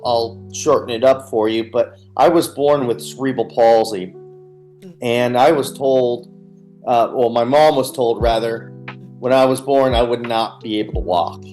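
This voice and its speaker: A man speaks as a guest on a radio interview, telling his own story earnestly and candidly. His voice sits at an ordinary mid pitch for a man. Soft music plays faintly in the background. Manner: earnest, candid, retells scenes with quoted dialogue.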